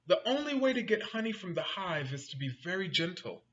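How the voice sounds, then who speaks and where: A man voicing a helpful, calm male bear in a picture-book reading, giving patient advice. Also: high voice, fairly quick, highs cut off, pitched above the performer's own voice. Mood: advising.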